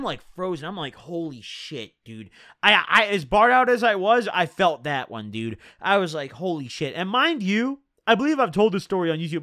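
A man's voice: high-pitched, bright, forceful tone, dry recording, studio quality. A young man telling a rambling story in casual slang, full of "dude" and "bro". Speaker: storyteller vlogger.

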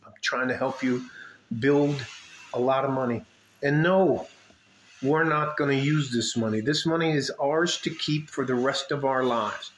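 A man's voice: medium pitch, fairly even intonation, normal speed, fairly bright tone. Blunt West Texas man in echoey room. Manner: blunt, rambling, swears casually. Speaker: vlogger. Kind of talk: casual direct-to-camera talk. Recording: echoey room with faint ambient noise.

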